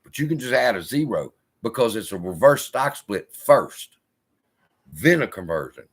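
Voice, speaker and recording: A man's voice: lowish voice, moderate pace, husky. Guy cussing his way through a live stock stream, voice bouncing up and down a lot. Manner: profane, blunt, animated storytelling. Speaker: investing channel host.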